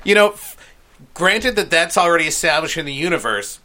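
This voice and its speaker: A man's voice: a little high, animated, brisk, sharp tone. A man chatting casually, profane and rambling, cracking crude jokes.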